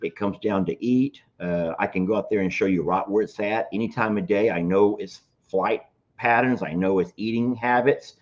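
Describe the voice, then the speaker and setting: A man's voice: lowish voice, moderate pace. Folksy man telling farm stories. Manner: folksy storyteller, joking. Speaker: farm sanctuary co-host. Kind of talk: casual chat. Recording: dull lo-fi sound.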